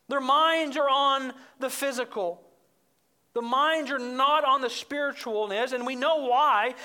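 A woman preaching an expository sermon in an emphatic way, getting higher and louder as she stresses her points. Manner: emphatic, rises in pitch and volume when stressing points.

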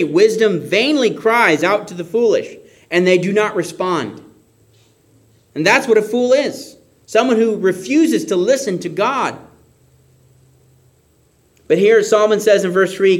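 A man preaching a sermon, expressive, acting out shouts and whispers. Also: high voice.

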